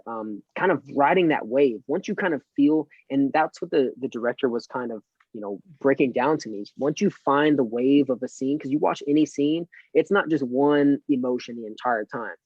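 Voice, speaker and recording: A man who is an actor, chatting as a guest on a podcast in a relaxed, rambling way with many fillers. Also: mid-range voice, brisk, dry recording. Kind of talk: casual interview chat. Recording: dry, dull lo-fi sound.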